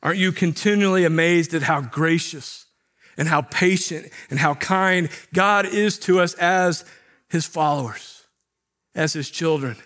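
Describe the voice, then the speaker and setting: A man's voice: a little high, a little slow, fairly bright tone. A middle-aged man, a pastor, preaching a sermon in a conversational way, asking rhetorical questions.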